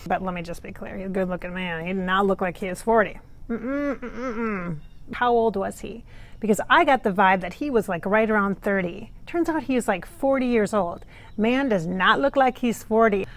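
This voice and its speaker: A middle-aged woman who vlogs about psychic topics gushes and giggles at the camera, packing her casual talk with fillers. Her voice sits in the mid range and moves at a normal speed.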